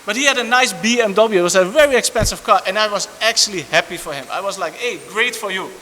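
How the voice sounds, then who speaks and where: A man preaching a sermon, animated and repetitive, restarting phrases and breaking into asides. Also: high-pitched, quick pace. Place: church hall. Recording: long church reverb, faint hiss.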